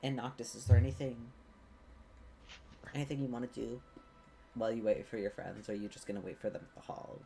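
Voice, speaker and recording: A male game master narrating a tabletop session in a rough, gravelly voice. He meanders through descriptions, full of fillers and restarts, at a mid pitch. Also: a little fast, long pauses, dark tone, slight background noise. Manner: rambling, hesitant narration with many fillers.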